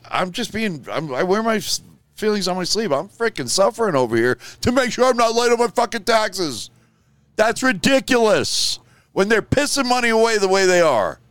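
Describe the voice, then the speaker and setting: A man's voice: high-pitched, no room sound. Rambling, profane older male show host. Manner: profane, rambling, swings from mutter to loud outburst. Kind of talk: casual ranting monologue.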